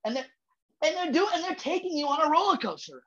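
Swearing, animated comedian shouting for emphasis. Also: male voice, very high voice, fast talker, highs cut off. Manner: profane, emphatic, rhythmic storytelling. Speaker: comedian guest. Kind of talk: casual podcast chat.

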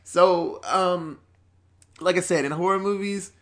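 Dude with a slightly high voice rambling thru a horror movie plot, lots of likes and swearing. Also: male voice, fairly even intonation, slow, fairly bright tone. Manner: rambling, profane, filler-heavy storytelling. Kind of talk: casual chat recapping horror movies.

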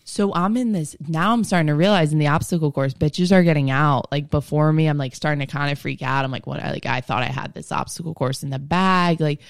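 Young woman, podcast host, smooth clear voice, dry close sound, rambling profane storytelling. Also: sits low, brisk, hardly any pauses, no room sound. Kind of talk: casual storytelling chat.

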